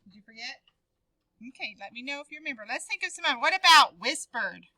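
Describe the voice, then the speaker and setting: A woman's voice: sits high, expressive, quick pace, pushed and bright, no echo, low-quality recording. A woman teaching a writing lesson to a class, calling on students by name and encouraging them.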